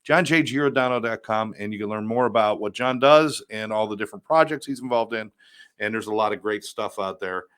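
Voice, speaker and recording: A man's voice: fairly low pitch, brisk, a bit bright, smooth. A man co-hosting a podcast, introducing the show and guest in a chatty way with many fillers. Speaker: podcast co-host.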